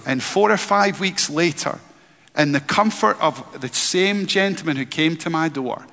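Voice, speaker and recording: A man's voice: fairly high pitch, unhurried, sharp tone. A middle-aged man from Scotland preaching a sermon and sharing his personal testimony with earnest, repeated emphasis. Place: church hall. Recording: long echo in a large hall.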